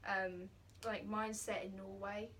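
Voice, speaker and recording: A woman's voice: mid-range voice, flat delivery, takes it slowly, creaky, a bit bright. A young woman in a casual drama class discussion, talking hesitantly with many fillers and restarts. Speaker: drama student. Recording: voice from a distance with faint background noise.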